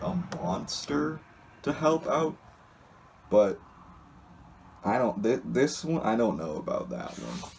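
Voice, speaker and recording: A man's voice: medium pitch, creaky, darkish tone, slight background noise. A man casually describing comics aloud in a rambling, hesitant way, with many restarts and asides. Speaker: solo video host reading comics.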